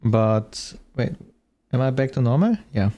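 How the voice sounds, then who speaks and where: A man's voice: mid-range voice, lively intonation, measured pace, warm tone, muffled recording. Chatty streamer man reacting to a video. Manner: chatty, thinks aloud, laughs often. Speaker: VTuber streamer. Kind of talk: casual reaction commentary.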